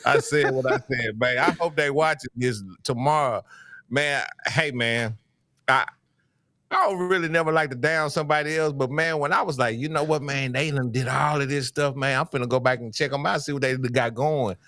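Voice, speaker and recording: A man's voice: medium pitch, moderate pace, pushed and bright, no echo, studio quality. A man co-hosting a sports podcast, chatting casually with playful slang and an easy drawl. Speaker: podcast co-host.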